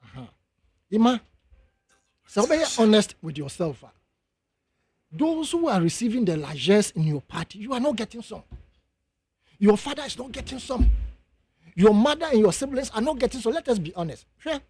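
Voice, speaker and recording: Brief: Ghanaian male radio guest, high and emphatic, dry close studio sound. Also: normal speed, long pauses, husky, no echo. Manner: emphatic, mixes English and Twi, rises to high animated outbursts. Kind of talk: heated radio debate.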